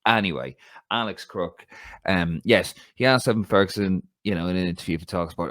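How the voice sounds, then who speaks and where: Irish guy cohosting a football podcast, low voice, swears a lot, gets fired up. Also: brisk, no echo, studio quality. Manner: animated, ranting, swears freely. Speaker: podcast co-host. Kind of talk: casual football chat.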